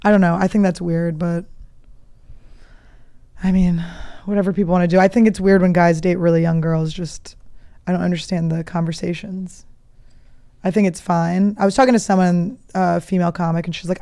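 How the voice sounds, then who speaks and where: Women in her 30s hosting a comedy podcast, swears a lot, clear smooth voice. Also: lowish voice, brisk, warm tone. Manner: blunt, profane, storytelling. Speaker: podcast host. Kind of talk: casual comedic chat.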